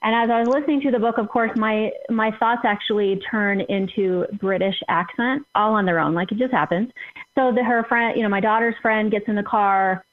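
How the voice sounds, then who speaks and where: A woman's voice: mid-range voice, fairly quick. A middle-aged woman telling stories in a casual interview, chatty with many fillers. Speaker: guest, entrepreneur. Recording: phone-line call-in audio.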